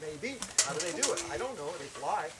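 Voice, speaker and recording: A man telling a personal testimony as a camp worship speaker, animated, acting out the shouted lines of his story. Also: fairly high pitch, brisk, a crowd in the background, low-quality recording. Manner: animated, acts out shouted quotes.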